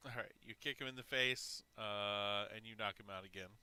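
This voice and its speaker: A man's voice: lowish voice, normal speed, pushed and bright, clean tone. A man running a tabletop game as game master, narrating with many hesitations.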